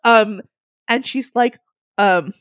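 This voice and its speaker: A young woman telling a funny story in a casual way, animated, laughing often and swearing freely. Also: on the high side, takes it slowly, no room sound, studio quality.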